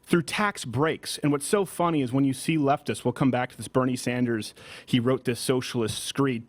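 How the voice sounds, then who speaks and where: Male talk host, quick, lively pitch, mocking, studio. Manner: animated, mocking, breaks into shouted impressions. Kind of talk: political commentary show.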